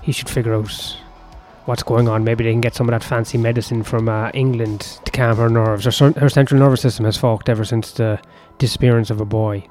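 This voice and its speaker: A man's voice: mid-range voice, fairly even intonation, brisk, a little mellow. Brief: male storyteller, improvised and rambling, profane asides, faint music behind.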